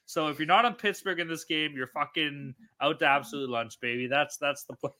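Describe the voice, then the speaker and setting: A tipsy man hosting a casual podcast, swearing freely and laughing between lines. His voice sits high for a man and rings very bright and forceful. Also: fairly even intonation, brisk. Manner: crude, profane, laughing. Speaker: podcast host. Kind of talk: casual chat.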